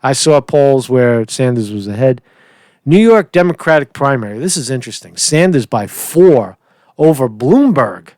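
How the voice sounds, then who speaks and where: A man's voice: mid-range voice, expressive, normal speed, darkish tone, no room sound. Rambling, opinionated man, close dry mic. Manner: rambling, opinionated, repeats himself and restarts. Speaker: political commentary host. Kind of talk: casual political commentary.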